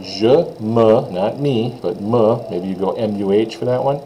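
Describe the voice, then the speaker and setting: A man with a lowish, mellow voice gives a casual French pronunciation lesson. He draws out each model phrase slowly, then rattles off quick asides, with a faint hiss of noise behind him. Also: lively intonation, low-quality recording. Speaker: French teacher.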